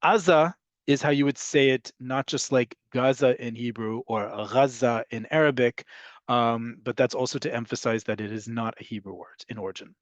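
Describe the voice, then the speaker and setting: A man's voice: medium pitch, fairly even intonation, dry recording. Male teacher, online class, patient explainer, dry close sound. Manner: explanatory, answers questions, repeats terms slowly. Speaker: Hebrew teacher.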